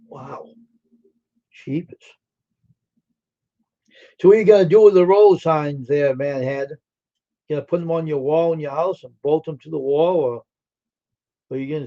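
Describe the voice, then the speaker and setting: A man chats on his live stream, reading and answering viewers' messages in an easygoing, slightly weary way. His voice sits a bit high yet sounds mellow and soft-edged. The audio is dull and lo-fi, like a basic streaming mic. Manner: chatty, answering chat messages aloud. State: tired, yawning.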